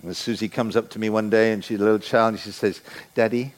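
A man in his sixties preaching a sermon in a church, playful and animated, acting out the voices he quotes. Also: lowish voice, quick pace. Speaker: guest preacher.

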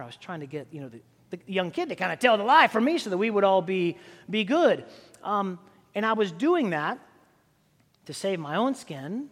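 A male pastor with a high-pitched voice delivers a sermon, loose and conversational, often restarting his sentences and filling pauses with "uh" and "you know". His voice rings with a long reverb from a church hall. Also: sing-song, a bit bright. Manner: conversational storytelling with many fillers and restarts.

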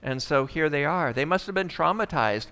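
A male pastor preaching a sermon, asking the congregation rhetorical questions and swinging between loud bursts and quiet asides. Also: a little high, animated, moderate pace, clear, resonant tone.

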